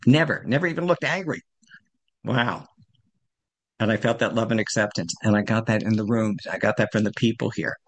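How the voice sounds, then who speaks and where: A man's voice: fairly low pitch, fairly quick. A man in his sixties telling his recovery story at a support meeting, rambling and self-deprecating. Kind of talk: personal recovery share.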